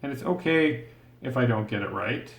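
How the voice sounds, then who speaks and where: A man's voice: mid-range voice, animated, moderate pace. Patient man teaching drawing, roomy sound. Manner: patient, encouraging, thinks aloud while drawing. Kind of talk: step-by-step drawing tutorial. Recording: roomy echo.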